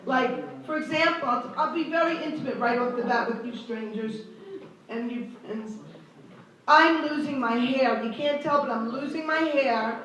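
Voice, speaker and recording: A woman's voice: high voice, normal speed, a bit bright, recorded from a distance, a little hiss or hum. An older woman with a New York accent doing stand-up comedy, self-deprecating jokes delivered as punchlines. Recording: roomy echo from afar.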